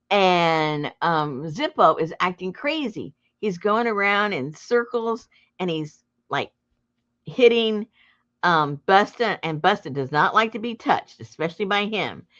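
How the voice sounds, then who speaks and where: A middle-aged woman telling a story to her viewers in a casual, animated way, breaking into laughter and loud acted outbursts. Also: lowish voice. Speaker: junk journal crafter and channel host. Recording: dull lo-fi home recording.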